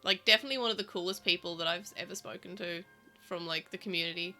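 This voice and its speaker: Bright-voiced chatty Australian woman. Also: on the low side, steady tone, quick pace, soft background music. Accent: Australian, South Australian vowels, living in Melbourne. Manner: chatty and rambling, many fillers and restarts. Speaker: podcast co-host. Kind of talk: casual chat.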